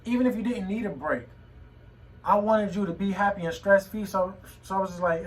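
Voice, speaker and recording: Emotional young man, halting talk. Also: sits high, distant mic, slight background noise, rough recording. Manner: halting, repeats words, emotional. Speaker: vlogger. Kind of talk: personal vlog monologue. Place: home room.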